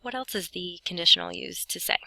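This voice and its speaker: A woman's voice: on the low side, brisk, vocal fry, sharp tone, no room sound, low-quality recording. A young adult woman giving a recorded Spanish lesson, explaining grammar in a chatty way with playful asides. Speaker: Spanish teacher. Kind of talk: recorded lesson narration over notes.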